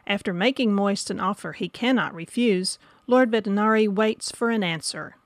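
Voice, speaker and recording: A woman reads a scripted review in a steady, mid-pitched voice. The recording is dry and close. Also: moderate pace, no room sound. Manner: even, read from script. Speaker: book reviewer.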